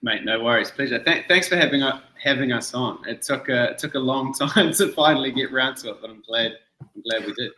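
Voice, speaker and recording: A man's voice: medium pitch, a little fast, echoey room, poor audio. A man in his thirties with a mixed New Zealand and Malaysian accent, a guest chatting casually in an interview and using friendly slang. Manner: relaxed, laughs easily, friendly slang. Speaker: event founder guest. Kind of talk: casual video-call interview.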